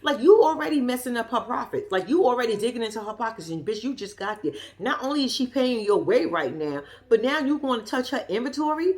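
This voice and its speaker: A woman's voice: fairly high pitch, sing-song, brisk. A woman giving a sassy, profane, casual commentary as she recaps a reality show episode. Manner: blunt, profane, sassy storytelling.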